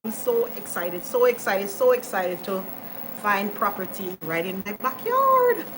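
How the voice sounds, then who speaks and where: Slow, chatty woman hosting a cooking stream. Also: medium pitch, sing-song. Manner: chatty and enthusiastic, greeting viewers warmly. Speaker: cooking channel host. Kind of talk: live-streamed cooking demonstration. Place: home kitchen. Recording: home kitchen noise with sizzling pan. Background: frying and sizzling food.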